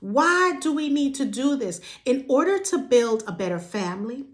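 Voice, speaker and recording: A woman's voice: big pitch swings, moderate pace. A woman from New York hosting a passionate monologue to camera, in casual vernacular, firing off repeated rhetorical questions. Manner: casual vernacular, sudden jumps in pitch. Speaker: vlog host.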